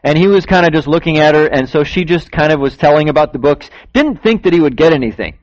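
A man's voice: a little high, lively intonation, quick pace. A man telling a story to children during a church service, acting out the people in it and asking the kids questions. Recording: dull lo-fi recording.

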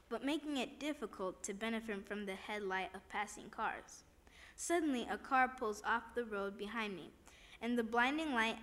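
A woman's voice: on the high side, a bit bright. A woman reading a first-person devotional story aloud, plainly, with small slips and restarts.

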